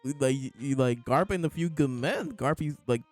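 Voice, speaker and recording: A man with a medium-pitched, lively voice chats about a comic chapter at a moderate pace, with faint music behind and no echo. As a podcast host reviewing the manga, he's laid-back and rambling, laughing and using lots of fillers.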